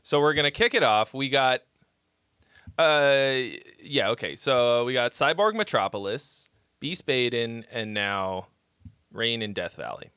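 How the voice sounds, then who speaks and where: A man's voice: medium pitch, expressive, measured pace, pushed and bright, smooth, no echo, clean studio sound. A man hosting a casual live stream, reading out chat messages and joking around with loose, profane banter. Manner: reads chat messages aloud. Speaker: livestream host reviewing songs.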